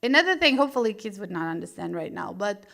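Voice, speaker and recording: A woman's voice: mid-range voice, sing-song, quick pace, creaky, fairly bright tone. A young woman from Russia with a Russian accent, telling a stand-up story to a live crowd and laughing along as she goes. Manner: chatty, laughs at her own story. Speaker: stand-up comedian. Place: small gallery venue, live audience.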